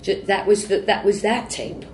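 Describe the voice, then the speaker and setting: A woman's voice: medium pitch, moderate pace, darkish tone. A woman guest in a candid interview, talking emotionally and repeating herself as she rambles. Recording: roomy with faint background noise.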